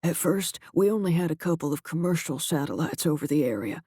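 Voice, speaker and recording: Narrator doing a shaken director guy, low and grave, dry close recording. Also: animated, breathy edge, no echo. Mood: grim. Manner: quiet, halting, grave. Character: shaken middle-aged male agency director.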